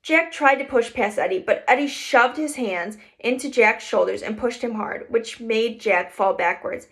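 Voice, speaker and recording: A woman reading a first-person children's story aloud in a lively storytelling manner. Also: on the high side, moderate pace. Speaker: reader. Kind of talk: audiobook narration.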